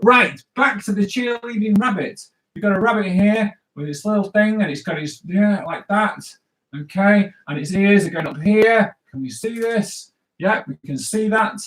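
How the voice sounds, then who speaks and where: A man's voice: sits high, normal speed, fairly bright tone, poor audio. A man hosting a live drawing show, joking and chatting as he draws requests from viewers. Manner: playful, jokey, chatty running commentary. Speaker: cartoonist host. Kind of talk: live drawing stream for kids.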